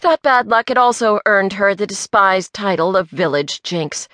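A woman narrating a mystery novel in a clear, measured way. Her voice is bright and forward, with a dry, close studio sound and no room around it. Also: medium pitch, animated, no echo. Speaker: audiobook narrator. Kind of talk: scripted narration. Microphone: close studio mic.

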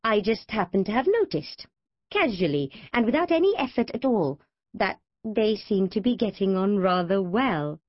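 A woman's voice: mid-range voice, very animated, moderate pace, dry recording, highs cut off. A woman voicing Gina, a lofty, bossy teenage girl, in a haughty, prim manner.

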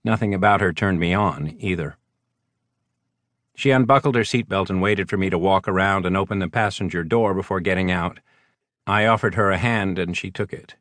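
A man reading a first-person novel as an audiobook narrator, measured and wry. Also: low voice, fairly bright tone, dry recording, clean studio sound.

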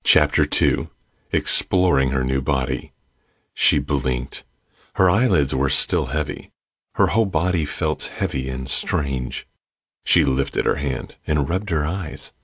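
Man, audiobook narrator, husky, very deep, steady reading, dry studio. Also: slow, no room sound. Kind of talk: scripted narration.

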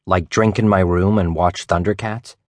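A dry, joking teenage boy, as a man narrating an audiobook puts him on. He mutters his jokes with a wry edge. The voice is low and close, with no room sound around it. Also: steady tone, moderate pace, darkish tone, no room sound, close to an everyday voice.

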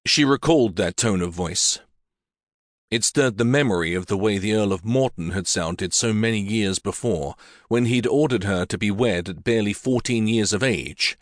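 Telling a historical romance from a script, a man narrates in an even, measured style with a voice on the low side. There's no room sound, just clean studio audio.

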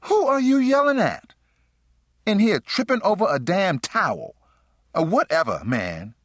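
A man voicing a sharp-tongued young woman in an audiobook, speaking with sassy indignation. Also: high voice, sing-song, unhurried, no echo, studio quality, voice pushed up, heavily acted. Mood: indignant.

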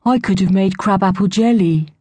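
A woman's voice: medium pitch, normal speed, warm tone, husky, no room sound, voice pushed up, natural voice. A woman voicing a cheerful young female woodland animal, light and chatty.

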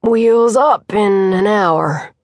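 A woman narrator voicing a gruff, curt retired male air force pilot woken from sleep. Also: mid-range voice, drawn-out words, no room sound.

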